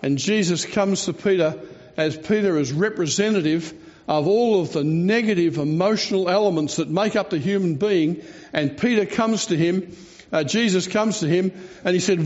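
A man preaching, his voice pitched a little high, who tells the story with feeling and slows down for dramatic moments. The sound is dull and lo-fi, like an old church recording. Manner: expressive storytelling with dramatic slowdowns. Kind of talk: sermon.

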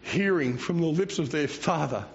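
A man's voice: a little high, moderate pace, creaky, slight background noise. A man, preaching a rambling, self-mocking sermon and chuckling between phrases. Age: 60s. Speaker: pastor. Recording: dull lo-fi recording.

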